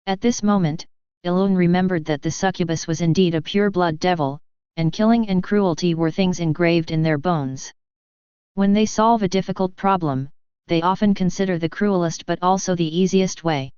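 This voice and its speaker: A woman reading a fantasy audiobook in steady, scripted narration. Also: on the low side, moderate pace, clean tone, no echo. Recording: slightly dull, dry studio sound.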